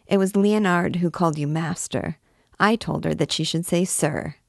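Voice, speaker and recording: A pert, bold young woman, hasty and a little bossy, correcting her friend with quick confidence, as a woman narrator puts her on. Her voice sits a touch above the narrator's low tone, dry and close in a classic storybook reading. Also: gravelly, no room sound.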